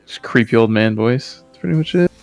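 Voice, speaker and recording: A man's voice: mid-range voice, lively intonation, brisk, creaky, faint music behind. A man in a gaming voice chat, teasing his friends and laughing easily. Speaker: raid teammate.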